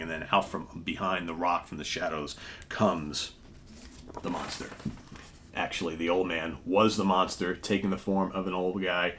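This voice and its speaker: A man with a very low voice hosts a casual comic book review, retelling old stories in a chatty, rambling way. A faint hiss sits behind him. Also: level tone, moderate pace, a bit bright. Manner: chatty, recounting stories with filler words. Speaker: comic book show host.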